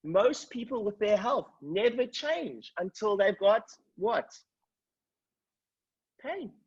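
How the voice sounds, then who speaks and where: A man's voice: high-pitched, big pitch swings, slow pace, slightly rough, muffled recording. A man coaching a group over a call, telling stories with energy and checking in with his listeners. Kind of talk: motivational talk on a group call. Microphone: video call.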